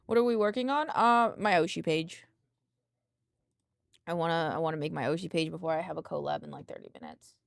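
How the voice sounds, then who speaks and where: A woman's voice: sits low, a little fast, creaky, no echo, clean studio sound. A young woman streaming live, chatting, rambling and giggling, greeting viewers by name and muttering to herself while she works on a design. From English-speaking. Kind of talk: casual live-stream chat while working.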